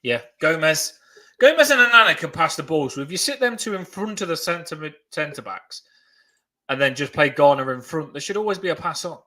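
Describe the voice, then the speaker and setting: A man's voice: a little high, a little fast. A young man co-hosting a casual football fan chat, telling stories with lots of laughs. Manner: animated storytelling, laughs often. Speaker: podcast co-host.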